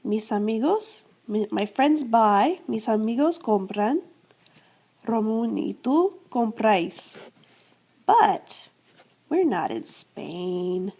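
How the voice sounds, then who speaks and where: A woman's voice: a little high, lively intonation, takes it slowly, warm tone. A woman teaching a grammar lesson, explaining step by step, repeating verb endings and answering her own questions. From United States. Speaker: Spanish teacher. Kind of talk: classroom-style grammar lesson.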